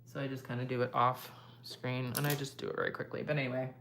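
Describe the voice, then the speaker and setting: A woman's voice: very deep voice, flat delivery, quick pace, a bit bright, a little hiss or hum. A young woman vlogger chatting casually with viewers while doing her makeup, answering their comments as she goes. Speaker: beauty vlogger.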